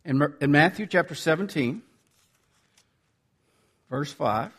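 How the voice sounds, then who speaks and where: A man preaching a sermon as pastor, swinging from loud emphasis to hushed asides. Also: fairly high pitch, slow, husky. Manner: animated preaching, swinging from loud to near-whisper.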